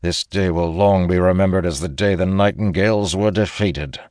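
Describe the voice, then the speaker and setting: A man voicing a gruff merciless general. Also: low-pitched, normal speed, dry recording, clean studio sound, voice pushed up, natural voice. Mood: menacing. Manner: gruff, even, unyielding. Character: cold merciless middle-aged male general.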